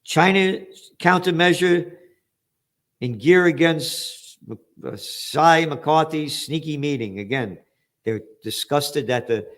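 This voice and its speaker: An older American man hosting an opinionated current-affairs commentary, blunt and profane with sarcastic outbursts. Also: mid-range voice. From United States. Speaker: host.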